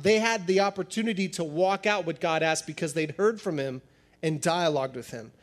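A pastor giving a sermon in a conversational, animated style, acting out little dialogues as he teaches. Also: high voice.

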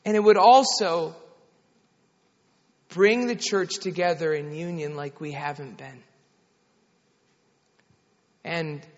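A man in his thirties preaching a sermon, an animated storyteller who tells a family story and then builds to an impassioned appeal. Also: on the high side. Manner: animated storyteller, soft-spoken quoted lines, builds to shouting. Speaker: pastor. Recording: dull sound with long hall reverb.

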